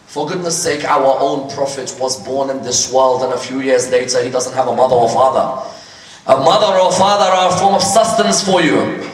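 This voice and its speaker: A man's voice: mid-range voice, normal speed, far from the mic. A man giving a religious lecture, telling stories and acting out the dialogue. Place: lecture hall. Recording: echoey hall recorded from afar.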